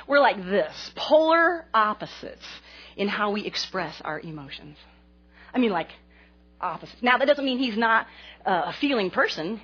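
A woman in her forties preaching a sermon to a congregation, an animated and self-mocking storyteller. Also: medium pitch, moderate pace, slightly rough, dull audio. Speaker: pastor's wife speaking to a congregation.

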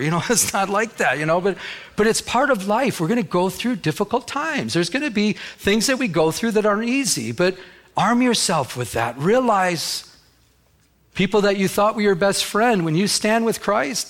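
A middle-aged male pastor preaching a sermon in a conversational way. His voice sits a little high for a man and swings widely as he tells stories, and he often restarts his words. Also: moderate pace. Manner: conversational, animated storytelling with repeated word restarts.

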